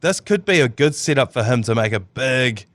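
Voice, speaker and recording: Kiwi male sports host, loose, jokey delivery, mid pitch, dry studio sound. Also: lively intonation, normal speed, a bit bright, no echo. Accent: New Zealand. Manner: joking, rambling, laughs often. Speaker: podcast host. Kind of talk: casual sports chat.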